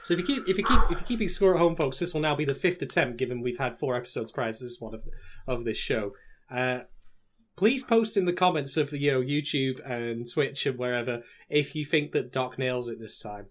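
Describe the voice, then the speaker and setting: A man co-hosting a casual podcast, speaking in a measured, thoughtful way and teasing his co-host. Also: mid-range voice, expressive. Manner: measured, teasing, addresses listeners as folks.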